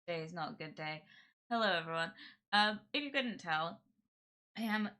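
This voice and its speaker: A woman's voice: on the low side, lively intonation, normal speed, sharp tone. A young woman with a cold, chatting with viewers on a live stream in a nasal, congested voice, rambling with lots of fillers.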